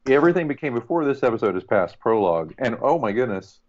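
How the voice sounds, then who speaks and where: A man's voice: mid-range voice, sing-song, quick pace, a little mellow, lo-fi sound. A man co-hosting a casual podcast, chatty and joking with playful asides. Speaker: podcast co-host. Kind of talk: casual chat.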